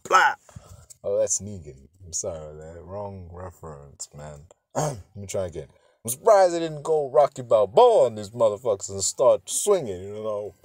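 A man in a loose, profane film review, his voice leaping from loud outbursts down to muttered asides. He slips into quick exaggerated bits as he mocks the characters. The sound is close and dry. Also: no room sound. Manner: animated and profane, swinging between loud outbursts and low mutters. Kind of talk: casual spoken film review.

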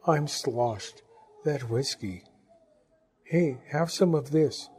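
A man's voice: mid-range voice, slow pace, darkish tone, close to an everyday voice. A man reading the lines of a brash, blunt young woman who teases and talks frankly. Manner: blunt, teasing, a little tipsy.

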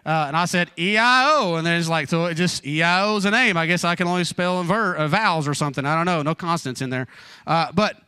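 Earnest preacher with a bright, forceful voice. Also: male voice, quick pace, smooth, dry recording. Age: 40s. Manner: informal, personal storytelling with joking asides; fervent prayer, voice dropping low. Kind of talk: evening church sermon. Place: church.

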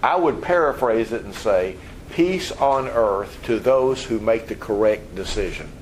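A man teaching a Bible study, explaining scripture and acting out scenes with animated voices. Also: on the low side, measured pace, a little hiss or hum, low-quality recording.

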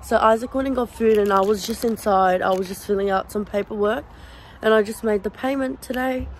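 A woman's voice: mid-range voice, a little fast, a little hiss or hum, rough recording. A young woman talking casually to her camera in a vlog, chatty and swearing freely. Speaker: vlogger. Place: car in the city.

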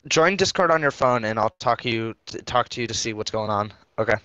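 A man's voice: mid-range voice, animated, a little fast, bright, forceful tone, smooth, no echo, dull audio. Patient young man walking a friend through tech steps. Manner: patient, instructive, step-by-step. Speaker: friend giving tech support on a voice call. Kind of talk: casual call.

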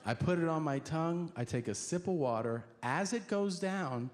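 A male stand-up comedian telling a story, animated and profane, acting out each scene. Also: on the high side, moderate pace.

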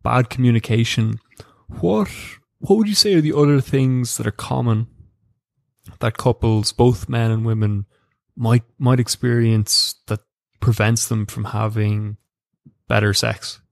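A man's voice: mid-range voice, fairly even intonation, unhurried, creaky, no room sound, studio quality. A man with an Irish accent hosting a podcast interview, hesitant, restarting phrases and summing up his guest's points. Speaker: podcast host.

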